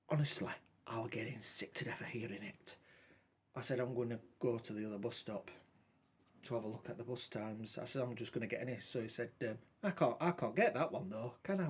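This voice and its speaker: A man's voice: mid-range voice, fairly quick, a little mellow, husky. A man telling a long rambling story in casual talk, quoting what he and others said. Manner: rambling, colloquial, repeats quoted dialogue with "I says". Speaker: vlogger.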